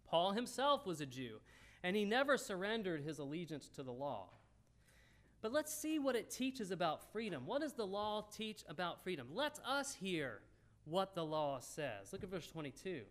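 Male preacher with a high voice, folksy conversational sermon, speaks straight to the congregation. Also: very animated, moderate pace.

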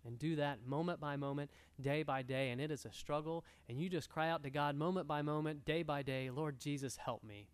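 A man's voice: on the high side, fairly even intonation, a little fast, hardly any pauses, clear, resonant tone. A male pastor preaching an earnest sermon to a room, exhorting and repeating his key points. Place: church room.

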